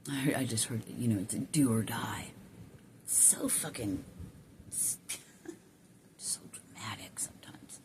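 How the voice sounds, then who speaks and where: A woman's voice: extremely low pitch, whispered. A woman talking on her own in a casual spiritual vlog, rambling and swearing with many restarts, recorded on a phone. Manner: rambling, swears, laughs to herself, halting restarts. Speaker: spiritual vlogger. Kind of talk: casual spiritual monologue to camera.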